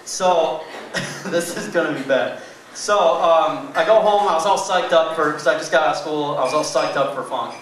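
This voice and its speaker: A man's voice: on the high side, normal speed, fairly bright tone. A young man doing a stand-up comedy set in a small club, with a loose, rambling delivery full of fillers. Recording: echoey club room, mic far off, faint noise.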